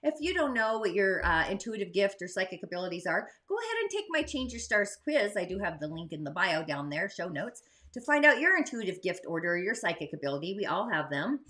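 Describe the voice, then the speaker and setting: A woman's voice: mid-range voice, very animated, fairly quick, few pauses, fairly bright tone. A woman hosting an astrology livestream, talking in a rambling, chatty way full of asides and rhetorical questions. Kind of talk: casual spiritual livestream monologue.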